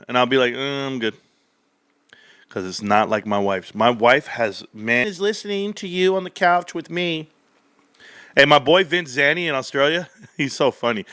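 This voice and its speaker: A man's voice: mid-range voice, pushed and bright, no echo. A man talking into a desk microphone on a casual stock-market stream, joking crudely and boastfully as he rambles. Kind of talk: casual rambling livestream chat.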